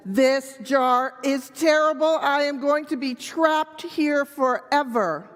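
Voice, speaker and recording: A woman's voice: high voice, slow, long reverb tail, soft background music, pitched above the performer's own voice. A woman voicing a greedy, frantic male monkey who hoards nuts, whiny and wailing.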